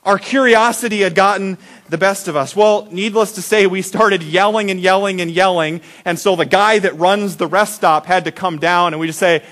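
A man preaching a sermon, telling a childhood story with acted-out voices and big swings between loud and soft. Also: sits high, normal speed, few pauses. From Iowa. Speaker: pastor.

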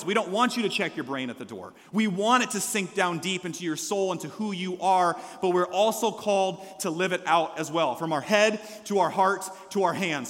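Man, pastor, sermon, high voice, call-and-response, quiet asides, long church reverb. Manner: energetic, leads call-and-response with congregation; shifts between loud exhortation and quiet asides. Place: church sanctuary.

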